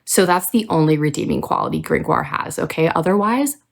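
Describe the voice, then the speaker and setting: Hosting a casual book review video, a young adult woman rants animatedly with plenty of swearing. She speaks in a low voice, fairly quickly, with vocal fry.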